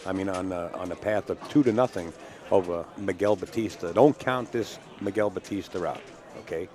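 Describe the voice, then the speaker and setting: Rambling New York pool host. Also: male voice, sits low, moderate pace, a crowd in the background. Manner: rambling, self-correcting, chatty. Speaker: stream host and commentator. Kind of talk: casual pool commentary.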